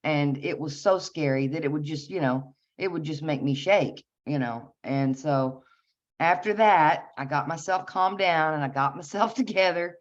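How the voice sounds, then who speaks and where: A woman with a low, deep voice tells a personal story in a relaxed, halting way, breaking into small laughs and starting her sentences over. The sound is dull and lo-fi. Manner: laughs often, halting with restarts. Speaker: guest sharing a personal story. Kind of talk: casual storytelling.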